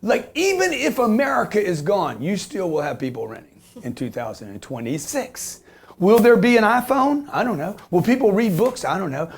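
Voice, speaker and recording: Fifties guy hyping real estate deals, high voice, swings up and down a lot, keeps going "okay?". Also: very animated, normal speed, vocal fry, slightly rough. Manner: emphatic and repetitive, keeps asking "okay?"; swears and jokes as he talks. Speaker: real estate investor presenting to an audience. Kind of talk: animated business talk.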